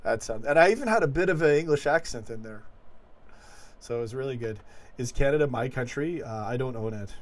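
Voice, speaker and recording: A man hosting a late-night fan livestream, rambling and animated as he reads viewer comments. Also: mid-range voice, brisk. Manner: rambling, animated, chuckling asides. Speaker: host of a fan call-in show.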